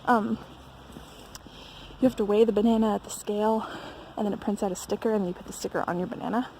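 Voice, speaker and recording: A woman's voice: mid-range voice, fairly even intonation, fast, mellow, a little hiss or hum, poor audio. A young American woman vlogging casually on a walk through a snowy mountain village, chatty with lots of fillers and laughter. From United States. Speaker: travel vlogger. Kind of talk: casual chat while walking.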